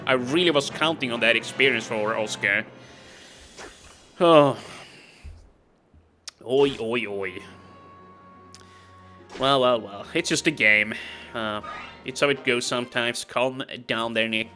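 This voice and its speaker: A man's voice: medium pitch, slow, long pauses, pushed and bright, soft background music. A man hosting a game playthrough, chatting casually and talking to himself as he plays. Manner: casual, exasperated, talks to himself. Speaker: gaming video host. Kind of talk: let's play commentary.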